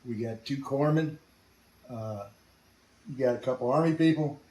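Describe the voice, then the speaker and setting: A man's voice: medium pitch, normal speed, dark tone, far from the mic. An older man telling his war experience in an interview, blunt and salty, chuckling as he goes. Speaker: veteran interviewee. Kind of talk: storytelling interview. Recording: roomy sound from off mic.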